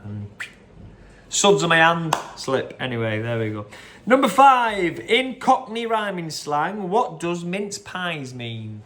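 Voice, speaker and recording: A man's voice: a little high, very animated, slow pace, a bit bright, a little hiss or hum. Chatty man hosting a quiz. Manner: chatty, repeats each question, wanders into anecdotes. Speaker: quiz host. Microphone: phone.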